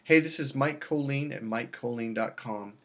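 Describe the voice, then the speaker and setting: A man's voice: mid-range voice, moderate pace. A man who works as a dating coach, talking casually in a rambling, salesy way with frequent restarts. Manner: rambling, salesy, repeats himself. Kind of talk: casual self-filmed vlog.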